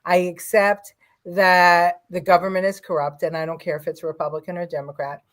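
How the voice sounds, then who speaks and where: A woman's voice: on the low side, level tone, normal speed. A middle-aged woman co-hosting a casual political chat, talking in an opinionated, rambling way with many fillers. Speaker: co-host of a political livestream.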